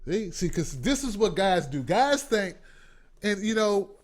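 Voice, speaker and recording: Host, man, 40s, comedic monologue, lively and fairly high voice, profane. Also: a little slow. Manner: animated, profane, acts out voices. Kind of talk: comedic talk show monologue.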